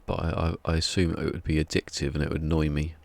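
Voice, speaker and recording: Very low, gravelly man streaming. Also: level tone, fast, a little mellow. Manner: rambling, wry, muttering to himself. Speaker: game streamer. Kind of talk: casual live-stream chat.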